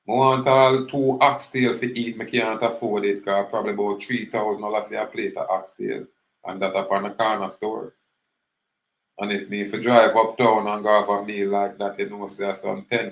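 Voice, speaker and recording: Jamaican man, low gravelly voice, rambling casual commentary in patois, recorded in an echoey room. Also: level tone, moderate pace, a bit bright. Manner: rambling, mixes patois with English, acts out little scenes.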